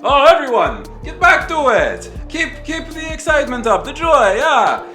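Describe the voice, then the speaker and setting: A man voicing a boisterous male party host who loudly rallies a crowd. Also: very high voice, very animated, moderate pace, reverberant, over music, voice pushed up. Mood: jubilant. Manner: loud, exuberant and shouting.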